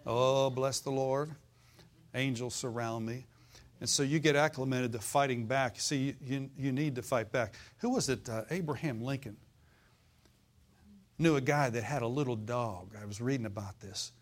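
A man's voice: medium pitch, moderate pace. A pastor preaching to his church. He is folksy and fiery and keeps asking the congregation for an amen. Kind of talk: sermon.

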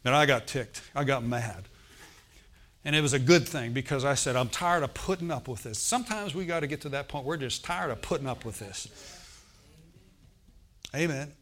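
A man's voice: medium pitch, moderate pace, pauses often, a bit bright. A man preaching a sermon, telling a personal healing story and often asking the congregation "Amen?". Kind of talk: sermon testimony.

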